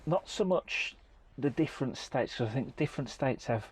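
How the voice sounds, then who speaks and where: A man hosting a podcast, relaxed and agreeable, asking rambling questions in casual chat. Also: medium pitch, normal speed, breathy edge. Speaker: podcast host.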